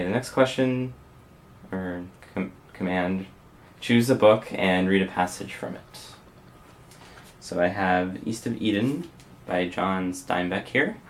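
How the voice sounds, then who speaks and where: A young man from Windsor, Ontario with a Canadian accent, casually working through an accent challenge and pausing often on "uh.". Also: deep voice, a little hiss or hum. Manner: hesitant, frequent uh fillers, soft-spoken. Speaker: vlogger.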